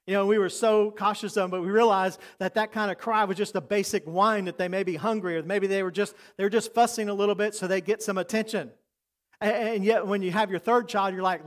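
Мужчина средних лет, пастор, читает проповедь искренне, временами переходит на тихий, доверительный тон. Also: male voice, high voice, fairly even intonation, fast. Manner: earnest, preacherly, drops to soft intimate tones for emphasis. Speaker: pastor. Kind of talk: sermon.

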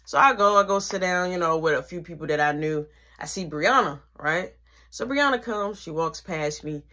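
A teenage woman telling a casual storytime, slangy and animated, with whispered asides. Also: on the low side, moderate pace.

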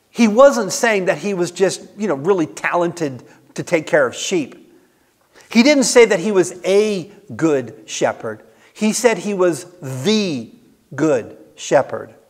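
High-voiced preaching man in an echoing church. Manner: earnest, emphatic preaching with rhetorical questions. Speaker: pastor. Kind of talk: sermon. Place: church sanctuary.

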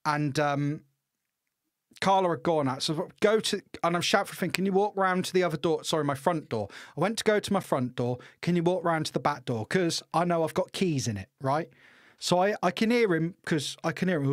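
A middle-aged man co-hosting a podcast, telling stories in an animated, swearing rant with lots of restarts. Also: fairly high pitch, a little fast, no room sound, studio quality. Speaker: podcast co-host. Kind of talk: casual ranting chat.

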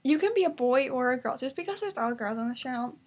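High-voiced woman rambling to webcam. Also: animated, quick pace. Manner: rambling, filler-heavy, sometimes drops to a whisper. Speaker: vlogger in a collab channel. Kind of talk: casual webcam vlog.

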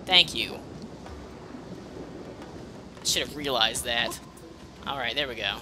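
A woman's voice: extremely low pitch, animated, measured pace, long pauses, bright, forceful tone, faint music behind. A woman giving casual, profane gameplay commentary, muttering and sarcastic as she plays. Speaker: let's play host.

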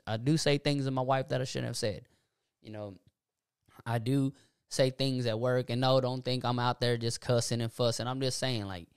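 Gravelly-voiced man sharing faith talk. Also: mid-range voice, dry recording, clean studio sound. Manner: animated, preachy storytelling with laughs. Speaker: podcast co-host. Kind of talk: casual faith discussion.

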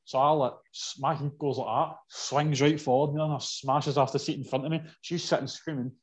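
A Scottish man telling a story in casual chat, animated and swearing freely. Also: a little high, a little fast.

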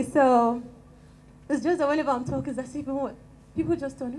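Nigerian woman, guest speaker at a church fellowship; small gentle voice pitched a bit high, calm and chatty, handheld mic, faint hiss behind. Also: brisk, low-quality recording. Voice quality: small, tiny soft voice. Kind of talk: prayer and talk to a church gathering. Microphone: handheld microphone.

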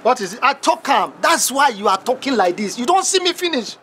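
A man's voice: very high-pitched, very animated, fairly quick, pushed and bright, slight background noise, heavily acted. A man with a Nigerian accent playing a cheeky young gateman who brags in pidgin English and defers to his boss. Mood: boastful. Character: cheeky young male gateman, boastful braggart. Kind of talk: Nollywood film acting.

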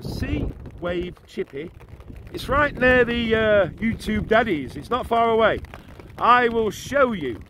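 Man, high voice, chatty jokey vlogger, outdoors in the rain, faint street noise. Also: fairly bright tone. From England. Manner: chatty, jokey, laughing asides. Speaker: food vlogger. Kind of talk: casual vlog talking to camera.

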